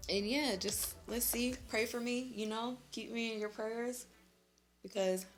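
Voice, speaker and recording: A woman's voice: fairly high pitch, steady tone, unhurried, soft background music. A young woman chatting in a casual vlog while doing her makeup, chatty and slangy and laughing often. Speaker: beauty vlogger.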